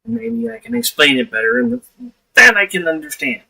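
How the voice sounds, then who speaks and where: A man's voice: extremely high pitch, expressive, moderate pace, vocal fry, pushed and bright, husky. A man hosting a casual livestream chat, blunt and laughing often, swearing freely. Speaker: livestream host. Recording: voice distant from the mic.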